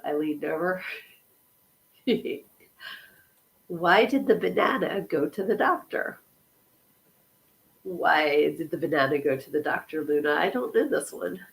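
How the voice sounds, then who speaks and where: A woman's voice: low voice, animated, measured pace, gravelly, pauses often, low-quality recording. A woman hosting a casual livestream podcast, giggling as she reads corny jokes from the chat. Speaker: podcast host.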